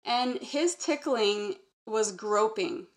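A woman guest recounting a personal memory in an earnest, halting way, linking thoughts with repeated "and". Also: a little high, animated. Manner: earnest, halting, strings sentences with "and". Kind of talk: personal testimony in conversation.

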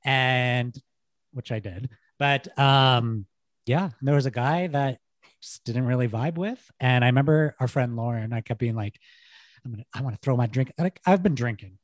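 A man's voice: mid-range voice, unhurried, dry recording. A young man, a podcast co-host, telling a rambling party story in casual chat, swearing and laughing.

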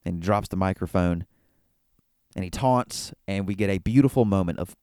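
A man's voice: low voice, moderate pace, a little mellow, clear, resonant tone, no room sound, studio quality. A man hosting a solo wrestling talk show, recapping an event in an enthusiastic, rambling way with frequent restarts. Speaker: wrestling podcast host. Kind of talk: casual solo commentary.

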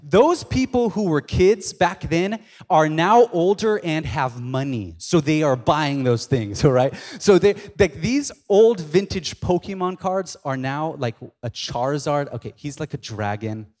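A male pastor gives a casual storytelling sermon in a church, joking and speaking straight to the congregation. His voice is on the high side and a little mellow, with lively intonation, a measured pace and few pauses, all under the long reverb of a large hall.

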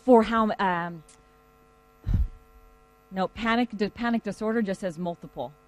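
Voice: medium pitch, unhurried, dry recording, poor audio. Conversational lecturer, loose and chatty, talking to a class. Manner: conversational, lively storytelling.

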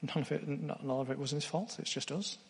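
A man's voice: fairly high pitch, fast, gravelly, long reverb tail. A man preaching a sermon, earnest, putting direct questions to his congregation.

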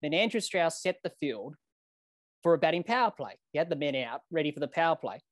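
A man's voice: on the high side, big pitch swings, fairly quick, no room sound. A man hosting a podcast interview, recorded dry and close. He reads long setups to his guest. He often turns to him by name. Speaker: podcast host.

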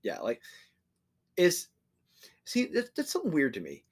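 A man's voice: fairly high pitch, huge pitch swings, a little slow, slightly rough. A young man co-hosting a podcast in casual chat, rambling with lots of fillers, restarts and casual swearing. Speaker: podcast co-host.

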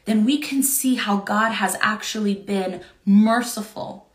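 An earnest woman teaching from the Bible in a devotional talk, expressive and given to repeating phrases. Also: medium pitch, unhurried, reverberant.

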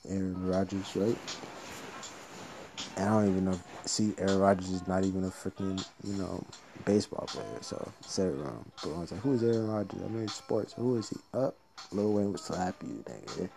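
A man's voice: lowish voice, gravelly, warm tone. A man talking through a trading strategy in a rambling, slangy, joking monologue. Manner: loose, slangy, joking, profane.

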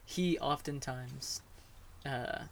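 A man interviewing, thinking out loud, searching for words and often restarting his sentences. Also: mid-range voice, slow, gravelly. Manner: thoughtful, searching for words, repeats himself. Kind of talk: casual conversation.

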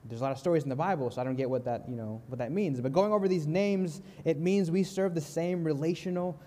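Young man preaching in a reverberant church. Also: on the high side. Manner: calm, earnest, slows and softens on key lines. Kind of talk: sermon with storytelling. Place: church sanctuary.

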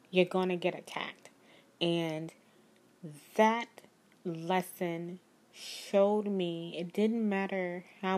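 A woman's voice: on the low side, darkish tone. A woman, a spiritual life coach telling a personal story to her viewers in an earnest, emphatic way. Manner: earnest, emphatic, speaks of God.

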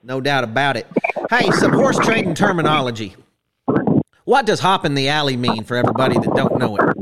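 A man's voice: medium pitch, fairly quick. A man hosting an interview, chatting casually, asking questions and sharing family anecdotes. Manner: relaxed, asks questions, tells family anecdotes. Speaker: podcast host. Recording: loud background noise.

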